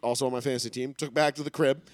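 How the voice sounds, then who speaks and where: A man's voice: medium pitch, fairly even intonation, rapid-fire, no room sound, studio quality. A man talking sports in a loose, rambling, profane way on a casual podcast. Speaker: podcast co-host.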